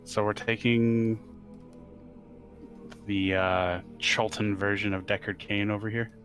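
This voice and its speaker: A man's voice: on the low side, little pitch movement, takes it slowly, fairly bright tone, faint music behind. A man playing a tabletop game, talking in a dry, matter-of-fact way. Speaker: player. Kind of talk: casual tabletop game chat.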